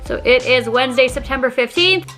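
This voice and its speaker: A young woman chatting to camera in a casual vlog, giggly and dramatic with quick reactions, at home in her kitchen. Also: sits high, very noisy. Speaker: vlogger.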